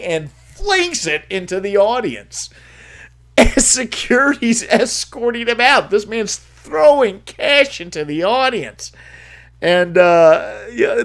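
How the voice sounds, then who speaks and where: Livestream host, male, fairly high voice, animated and foul-mouthed raconteur. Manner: animated, swears freely, laughs while telling. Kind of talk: casual storytelling, profane.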